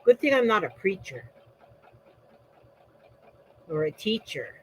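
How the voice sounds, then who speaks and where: A woman's voice: medium pitch, sing-song, slow, fairly bright tone, a little hiss or hum, low-quality recording. A middle-aged woman from Florida chatting casually while crafting, often wandering off topic. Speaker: crafting vlogger. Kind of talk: casual rambling chat.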